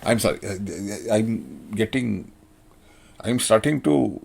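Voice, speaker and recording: A man's voice: fairly low pitch, animated, slow, gravelly, long pauses, a little mellow, slightly rough. A middle-aged man from India giving a blunt, sardonic monologue commentary, profane and full of fillers. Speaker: political commentator.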